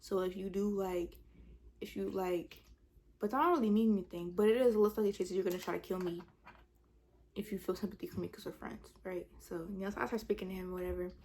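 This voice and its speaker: Woman vlogger, casual storytime, slangy and filler-heavy, animated delivery. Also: mid-range voice, fast talker, a little hiss or hum.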